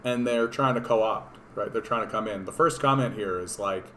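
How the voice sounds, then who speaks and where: A man with a hoarse voice, giving rambling, sarcastic and profane political commentary on a casual livestream. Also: lowish voice, normal speed, sharp tone, a little hiss or hum. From Canada. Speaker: political streamer.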